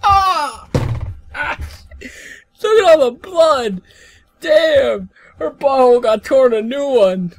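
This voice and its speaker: High-pitched yelping male gamer. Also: expressive, slow pace, gravelly, a little hiss or hum. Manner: yelps, shouts and laughs, swears often. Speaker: gaming YouTuber. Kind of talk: excited let's-play commentary.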